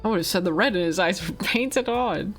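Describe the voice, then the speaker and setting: A woman's voice: medium pitch, normal speed, soft background music. A woman streamer chatting casually over a visual novel, reading its text aloud and swearing and laughing between lines. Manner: profane, giggly, reads game text aloud with asides.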